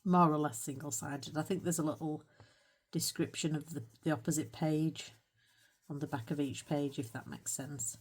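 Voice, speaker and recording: A British woman in middle age chats away while she colours, her voice sitting low. She drifts from thought to thought, pokes fun at herself and slips in soft little laughs. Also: steady tone, normal speed, breathy edge. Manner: chatty and rambling, self-mocking, with little laughs. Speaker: colouring channel host. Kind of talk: casual chat while colouring.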